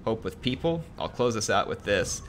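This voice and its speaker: Emotional male streamer, halting and earnest. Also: lowish voice, sing-song, a little hiss or hum. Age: young adult. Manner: emotional, halting, many ums and uhs; earnest and grateful. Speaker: gaming streamer. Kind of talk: reading a viewer's message on a live stream.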